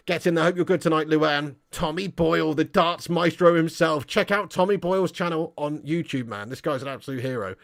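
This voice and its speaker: High-voiced man bantering on a stream. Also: brisk, gravelly, few pauses. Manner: mocking banter, lots of "mate" and "lad". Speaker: football channel livestream host. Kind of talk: casual livestream chat reading super chats.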